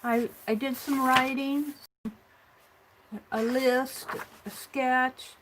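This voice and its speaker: A woman speaks very slowly in a high-pitched voice with fairly even intonation, and background noise is audible. She's crafting at her table on a casual morning art stream, chatting away to herself and to viewers.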